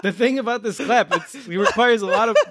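A man co-hosting a podcast, joking and chiming in with quick remarks. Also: high-pitched, fairly bright tone. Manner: playful, quick interjections. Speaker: podcast co-host. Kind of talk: casual banter.

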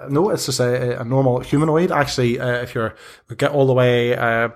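Male game master, halting narration, lots of fillers, tabletop game. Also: mid-range voice, steady tone.

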